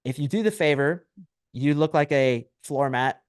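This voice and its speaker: A man, a dating coach, talking as a podcast guest in a brash, animated way, acting out little scenes as he explains. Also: on the high side, normal speed, clean tone, dry recording, studio quality. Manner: brash, animated storytelling with acted quotes. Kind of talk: podcast interview.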